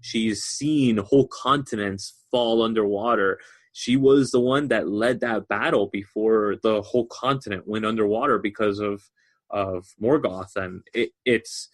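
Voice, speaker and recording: A man co-hosting a podcast in casual chat, animatedly explaining book lore at length. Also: fairly low pitch. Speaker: podcast co-host.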